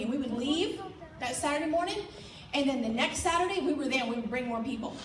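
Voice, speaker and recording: A woman in her thirties with a high voice gives a rousing motivational speech to a live audience, firing questions at the room. Her voice rings through a large echoey hall and is picked up from some distance, with faint room noise behind it. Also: expressive, quick pace. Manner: rallying, exhorting the crowd with direct questions. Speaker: team leader addressing her sales team.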